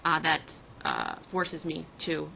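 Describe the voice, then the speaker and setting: A woman's voice: sits low, wildly swooping pitch, slow pace, gravelly, bright, forceful tone, a little hiss or hum, low-quality recording. A woman serving as a family court judge in a courtroom, firmly explaining her rulings and procedure to counsel.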